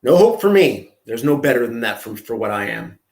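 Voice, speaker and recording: A man hosting a reaction commentary, talking in a sarcastic, taunting, drawn-out way. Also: medium pitch, big pitch swings, darkish tone, reverberant. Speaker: commentary host.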